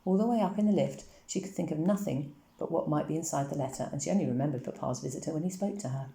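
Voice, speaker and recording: A woman reads a children's novel aloud in a low, mellow voice. She tells the story in a calm, measured way. The room around her is echoey. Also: gravelly. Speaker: reader.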